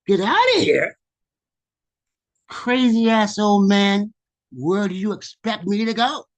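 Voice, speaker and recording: A man's voice: fairly high pitch, lively intonation, takes it slowly, husky, full character voice. A man voicing a cheeky young boy, the poet's inner child, who talks back in a taunting, street-smart way. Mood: defiant.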